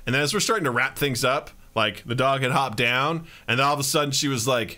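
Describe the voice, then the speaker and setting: A man's voice: mid-range voice, fast talker. A male podcast host chatting casually, telling funny stories and acting out his own outbursts. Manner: animated storyteller, acts out his own outbursts. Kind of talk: casual chat.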